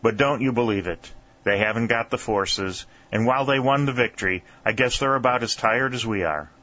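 A man's voice: medium pitch, a little fast, sharp tone, muffled recording, natural voice. A man voicing a cheerful veteran Union soldier who talks in homespun rural grammar and reassures his comrades. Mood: reassuring.

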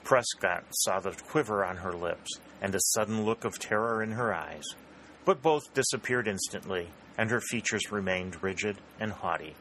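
A man narrating a historical novel in a steady, even storytelling manner. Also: on the low side, normal speed, slight background noise, poor audio. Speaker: audiobook narrator. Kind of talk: scripted narration.

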